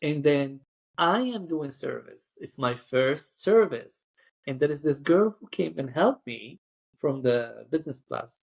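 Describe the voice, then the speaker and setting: A man's voice: a little high, expressive, a little slow, gravelly, slightly rough. Chatty male flight attendant telling stories. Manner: chatty, acts out quoted voices, frequent "like". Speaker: cabin crew member. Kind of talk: podcast storytelling.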